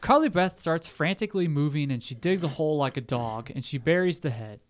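A man's voice: fairly high pitch, lively intonation, a little fast. A man co-hosting a podcast, reading out a plot summary with jokey asides in casual chat. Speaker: podcast co-host recapping an episode.

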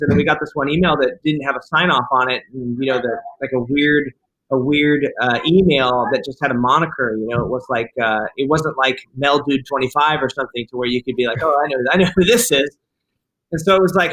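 A man's voice: a little high, fast, low-quality recording. A man, a film director, telling a story in a casual interview and acting out the quoted lines. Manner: animated, acts out quoted dialogue.

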